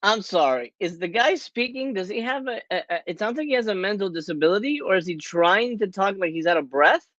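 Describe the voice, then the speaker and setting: Brief: bright, animated man streamer, high voice, swearing in disbelief at a movie. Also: brisk, few pauses, dry recording, dull audio. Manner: incredulous, profane, laughing often. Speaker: streamer hosting a movie watch party. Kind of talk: live stream reaction commentary.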